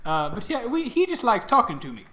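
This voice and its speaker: A man's voice: very high voice, huge pitch swings, a little fast, sharp tone, voice pushed up, heavily acted. A man doing a teasing gnome god of jokes. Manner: chummy, rambling, teasing. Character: mischievous male gnome god of humor, jokey. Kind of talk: improvised tabletop game voice.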